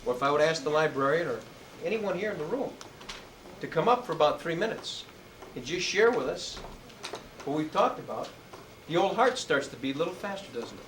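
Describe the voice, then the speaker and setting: A man speaks to a room of students in a motivational talk, stretching out his key words and calling for the audience to answer. He is heard from a distance in a roomy, echoing space. Steady background noise runs under the voice. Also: fairly high pitch. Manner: call-and-response, drawn-out emphatic words. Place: indoor room with students and adults. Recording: echoey room, distant mic, noisy.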